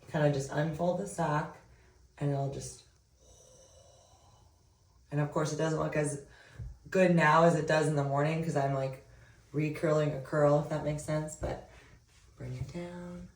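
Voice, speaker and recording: Rambling, giggly woman with a low voice, recorded at a distance in a reverberant room. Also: fairly even intonation, unhurried, pauses often. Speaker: vlogger. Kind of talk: casual hair tutorial. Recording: roomy sound, distant from mic.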